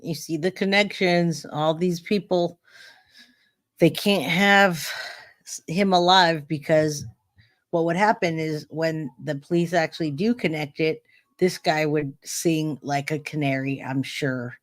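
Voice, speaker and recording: A man's voice: fairly high pitch, steady tone, a little slow, a bit bright, no room sound, clean studio sound. A man hosting a live stream, giving casual true-crime commentary and talking straight to his chat with lots of restarts. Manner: chatty, addresses chat directly, many restarts.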